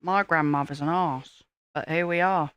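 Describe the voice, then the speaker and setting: A woman's voice: low-pitched, steady tone, moderate pace, a bit bright, no echo. A woman with an English accent co-hosting a live stream, bantering sarcastically. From England. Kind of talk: casual chat while building.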